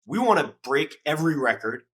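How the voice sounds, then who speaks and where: A man's voice: fairly high pitch, very animated, fairly quick, a bit bright, rough recording. A man in his twenties, a podcast guest, telling his story casually and acting out quoted dialogue with plenty of swearing.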